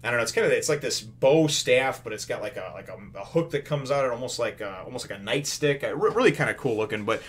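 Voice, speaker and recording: A man's voice: mid-range voice, lively intonation, quick pace, hardly any pauses. A man casually retelling a comic chapter, rambling with many fillers and quoting the characters in a raised voice. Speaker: comics reviewer.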